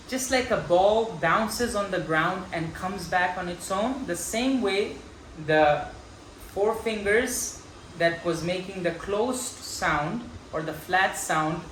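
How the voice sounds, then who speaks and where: A man's voice: high-pitched, fairly bright tone. A man teaching a mridanga class, patiently explaining strokes and chanting the drum syllables aloud. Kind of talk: slow step-by-step music lesson. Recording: echoey room with clear background noise.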